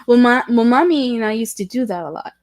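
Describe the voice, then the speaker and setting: A woman's voice: fairly high pitch, animated, no room sound. Candid woman rambling on a livestream. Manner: halting, with many restarts and self-corrections; candid and self-deprecating, with soft laughs. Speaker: livestream host chatting with viewers. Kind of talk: casual rambling livestream chat.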